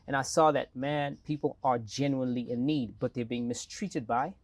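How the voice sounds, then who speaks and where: A man with a South African accent, talking as a guest in an interview and telling stories with animated energy. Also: mid-range voice, moderate pace. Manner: animated storytelling with lively acted quotes. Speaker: mayoral candidate guest. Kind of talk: casual interview talk.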